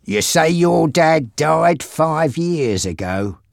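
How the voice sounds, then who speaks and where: Brief: a man playing a broken, brooding man in a wheelchair, raised pitch, screaming rage, dry sound. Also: lively intonation, slow, vocal fry, no echo, full character voice. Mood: bitter. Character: bitter disabled man in a wheelchair, brooding, volatile.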